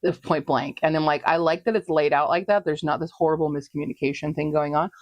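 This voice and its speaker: A woman casually talking through her reading progress in a home vlog, chatty and quick to laugh. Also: sits low, steady tone, no room sound. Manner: chatty, laughs often, talks to her pets. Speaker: book vlogger.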